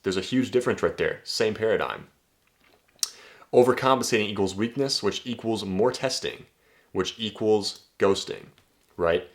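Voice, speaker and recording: Low-voiced man, dating coach, casual profane monologue. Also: moderate pace. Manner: blunt and profane, tags points with "right?".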